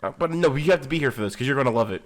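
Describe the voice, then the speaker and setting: A young man hosting a casual podcast chat, excitable and teasing, laughing often. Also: mid-range voice, racing.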